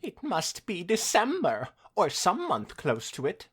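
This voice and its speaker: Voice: mid-range voice, huge pitch swings, unhurried, breathy edge, voice pushed up, heavily acted. A podcast co-host voicing Nightmare Moon, an evil, bitter female alicorn sorceress imprisoned on the moon, in a snarling villain voice during a comedic fan reading of a story. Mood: brooding.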